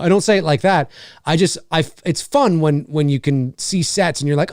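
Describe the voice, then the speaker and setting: A man hosting a live movie commentary, chatting to viewers as he watches, swearing freely and jumping between high and low. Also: smooth, no echo, studio quality. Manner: animated, swears freely, quick pitch jumps.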